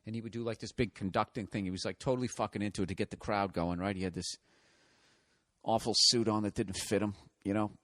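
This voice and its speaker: A man's voice: on the low side, fairly even intonation, fast, a bit bright. A male comedian in a profane, exasperated comedic rant.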